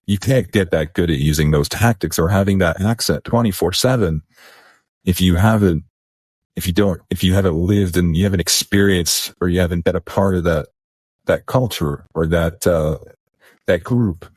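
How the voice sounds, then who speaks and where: A man's voice: low-pitched, moderate pace, a little mellow, slightly rough, dry recording, clean studio sound. A man co-hosting a podcast in casual chat, rambling and restarting his sentences. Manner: rambling, repeats words, restarts. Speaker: podcast co-host.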